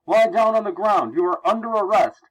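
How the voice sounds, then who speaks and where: A man's voice: high voice, expressive, normal speed, fairly bright tone, voice pushed up, rough recording. Man barking as a stern police officer. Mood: commanding. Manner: barking orders.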